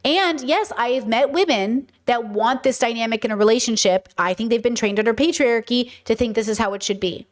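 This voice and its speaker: Woman, host, casual commentary stream, blunt, emphatic, repetitive, slightly high voice. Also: fairly quick, few pauses. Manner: blunt, emphatic, repeats her points.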